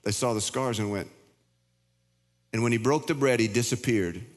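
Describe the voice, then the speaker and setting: A man's voice: mid-range voice, normal speed. An older man preaching a sermon as pastor in a casual, conversational way, often stumbling and restarting his words. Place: church sanctuary. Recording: long hall reverb.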